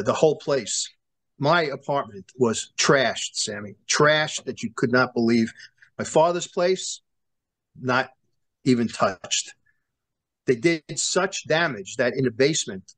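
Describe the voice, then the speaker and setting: Animated New man telling stories. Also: medium pitch. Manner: animated storyteller who acts out quoted dialogue, many restarts. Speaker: former prosecutor, guest. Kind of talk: storytelling in a sit-down interview.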